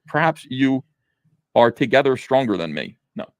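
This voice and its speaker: A man in a played review clip reads comic lines aloud at a middle pitch. His delivery is flat and mocking, and the sound is dry. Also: fairly quick, no room sound.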